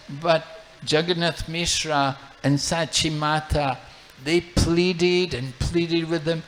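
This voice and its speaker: A male monk narrates a devotional tale as a sermon, slow and deliberate. His voice sits slightly high and he circles back over phrases as he tells it. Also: steady tone, fairly bright tone, rough recording. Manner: unhurried, repeats phrases while narrating. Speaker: monk and lecturer.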